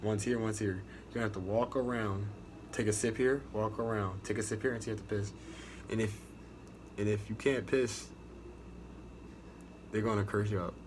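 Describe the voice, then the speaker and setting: A young man with an American accent talks straight to the camera, swearing freely and doubling back on himself as he tells his story. His voice sits a little low, and a faint hiss of noise runs under it. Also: steady tone, moderate pace, pauses often. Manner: profane, rambling, restarts a lot. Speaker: navy recruit sharing experience. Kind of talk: casual storytelling vlog.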